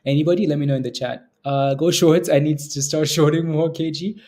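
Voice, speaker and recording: A man's voice: fairly high pitch, fairly even intonation, brisk, dark tone. A man hosting a live stock trading stream, chatting casually with viewers and chuckling often as he comments on the market. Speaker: stock trading livestream host.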